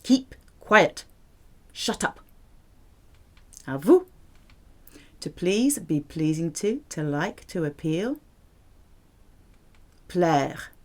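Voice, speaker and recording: Woman, French teacher, slow careful pace, lively swooping pitch, drills verb forms. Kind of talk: language lesson.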